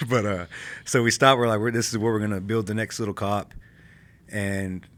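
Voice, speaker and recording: A retired army infantryman from California shares war stories in a casual podcast interview, animated and laughing as he talks. His voice is fairly low and his pace measured.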